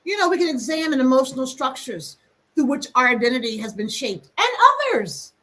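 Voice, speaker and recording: A woman hosting a reflective teaching talk, speaking emphatically and acting out quick asides. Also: high voice, animated, fairly bright tone. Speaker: host.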